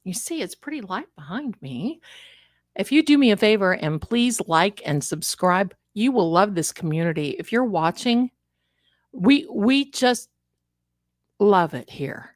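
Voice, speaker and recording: A woman hosting a casual livestream, talking in an animated, emphatic way and speaking straight to her viewers from an indoor room. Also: mid-range voice, a little slow, dry recording, clean studio sound. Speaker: livestream host.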